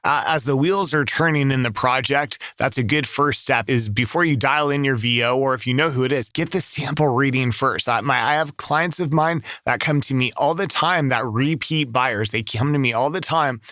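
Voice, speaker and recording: A middle-aged voice-over artist from Southern California with a relaxed local accent, chatting casually to camera with many restarts. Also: male voice, medium pitch, normal speed, few pauses, dry recording, clean studio sound.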